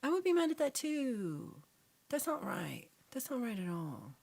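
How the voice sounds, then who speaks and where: Chatty, lively-voiced woman livestream host. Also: on the high side, unhurried, creaky. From Texas. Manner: chatty and animated, often dropping to a whisper. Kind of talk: casual livestream chat reading viewer comments.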